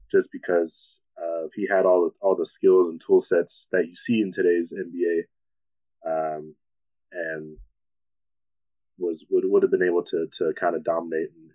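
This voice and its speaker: Deep-voiced man, hesitant. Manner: hesitant, many fillers and restarts. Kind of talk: casual sports podcast chat. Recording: dull lo-fi audio.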